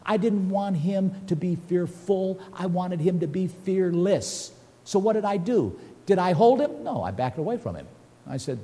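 Older male preacher, mellow tone, long hall reverb. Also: sits high, fairly quick. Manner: animated, folksy storytelling with scripture reading. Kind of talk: sermon. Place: church hall at a lectern.

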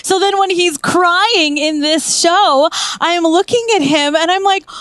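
Very high-voiced playful woman. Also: unhurried, fairly bright tone, no room sound, clean studio sound. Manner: playful and teasing. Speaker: co-speaker with her husband. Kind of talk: sermon banter.

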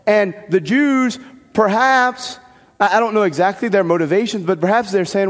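Male priest, high-pitched, chatty animated homily, reverberant church. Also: moderate pace. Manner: conversational, animated, folksy asides. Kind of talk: sermon.

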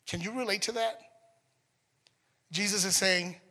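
A man preaching a sermon in a conversational, animated way, acting out scenes as he goes. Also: sits high, a little slow, pauses often, big-room sound. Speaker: pastor.

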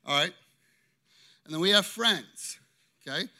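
A man preaching a lively, interactive sermon, stopping often to check in with his listeners. His voice sits high for a man and rings very bright and forceful. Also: unhurried. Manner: animated, constantly checking in with "okay?". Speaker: pastor.

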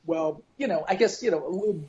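A man with a slightly raised voice trades dry, deadpan jabs as a podcast co-host. His sound comes through a dull, lo-fi remote line. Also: high-pitched, normal speed. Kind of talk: casual chat.

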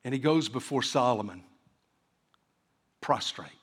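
A man's voice: mid-range voice, animated, a little slow, husky, long reverb tail. A man preaching a sermon to a congregation, acting out the voices of the people in his story. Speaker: pastor. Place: church sanctuary.

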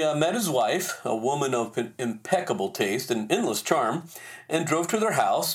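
A man hosting a podcast, telling a personal story in a self-deprecating, animated way. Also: mid-range voice. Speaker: podcast host.

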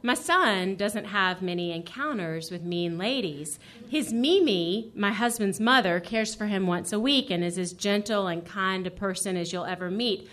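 Kobieta czytająca własny esej z ironią. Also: female voice, mid-range voice, moderate pace, a bit bright. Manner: dry, wry humor, brief laughs. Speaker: featured reader. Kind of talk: reading her own essay aloud.

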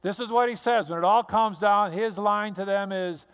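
A man's voice: high-pitched, moderate pace, few pauses, fairly bright tone, clear, resonant tone. A man preaching a sermon as pastor, telling the story dramatically and acting out the scenes. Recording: long hall reverb.

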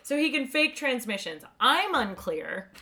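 A woman's voice: high voice, very animated, measured pace, pushed and bright. A woman co-hosting a casual chat, chatty and laughing, with many fillers. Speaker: podcast co-host.

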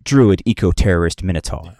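A man's voice: sits low, a little fast, dark tone, dry recording, clean studio sound. A man narrating as game master of a tabletop game podcast, describing scenes in a rambling way and correcting himself as he goes.

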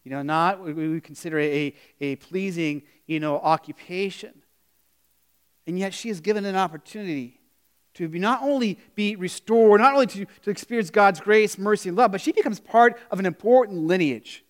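Man, pastor, sermon, high voice, smooth and resonant. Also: normal speed. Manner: conversational storytelling, asks congregation questions.

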